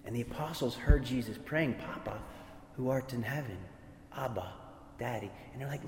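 A man delivers an earnest sermon in a steady middle voice, doubling back on his words as he goes. The sound carries a long hall reverb with a faint rumble underneath. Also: moderate pace. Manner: earnest, repeats words, voices imagined speakers. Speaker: preacher.

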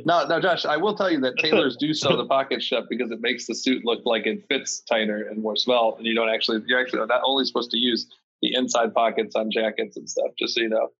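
A man's voice: mid-range voice, fairly even intonation, fast talker, vocal fry, a bit bright, husky, highs cut off. A man co-hosting a podcast, riffing in sardonic, profane banter on a casual video call. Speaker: podcast co-host. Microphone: video call mic.

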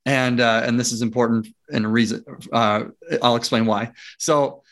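A man at an average pitch, talking as a guest in a relaxed interview. He tells his story with energy, acts out the dialogue, and laughs as he goes. His talk is casual and full of restarts. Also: moderate pace. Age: adult with young children. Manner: frequent fillers and restarts. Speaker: interview guest, property investor.

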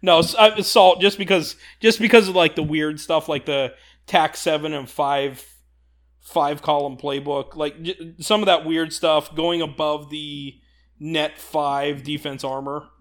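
A man's voice: on the high side, fairly even intonation, unhurried. A man co-hosting a podcast, casually and enthusiastically breaking down tabletop game rules, laughing often. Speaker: podcast co-host.

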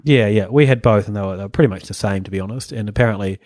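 A man's voice: on the low side, rapid-fire, a little mellow, no echo, clean studio sound. A man co-hosting a casual chat podcast, rambling, correcting himself and laughing often. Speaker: podcast co-host.

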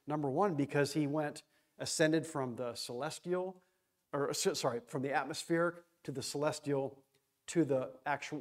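A man leading an informal Bible study, talking excitedly, restarting phrases and stressing key words. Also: on the high side.

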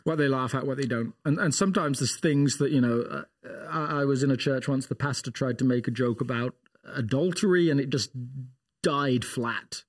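A man's voice: mid-range voice, normal speed. A man co-hosting a casual podcast chat, a pastor who tells long stories with restarts and laughs often. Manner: rambling storyteller, laughs often, trails into restarts.

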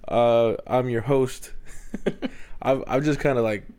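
A man's voice: medium pitch, slow pace, a little mellow. A man hosting a casual podcast with friends, loose and joking, laughing often. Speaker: podcast host. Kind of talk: casual chat.

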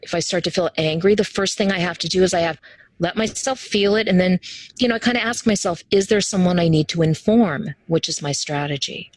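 A woman's voice: lowish voice, fairly quick, dry recording, low-quality recording. A woman guest in a casual interview, talking animatedly and acting out quoted voices as she tells her stories. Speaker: interview guest, human design teacher.

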